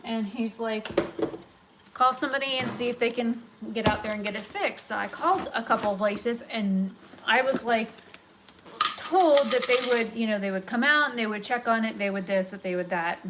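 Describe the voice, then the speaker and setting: Her voice on the high side and her pace moderate, a young woman vlogs live from her home kitchen, chatting loosely and veering into tangents. Clear background noise is present, as it's a home recording.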